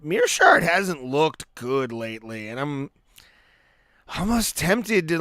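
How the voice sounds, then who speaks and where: A man's voice: on the high side, huge pitch swings, slow pace, fairly bright tone, no echo, studio quality. A man hosting a live stream, giving laid-back play-by-play and reactions to fights, with fillers and restarts. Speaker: podcast host.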